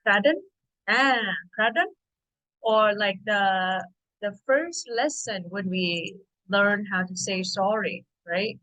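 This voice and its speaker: This is a woman with a Thai accent giving an online language lesson. She speaks patiently and repeats each word slowly so her learners can follow along. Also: medium pitch, lively intonation, pushed and bright, low-quality recording.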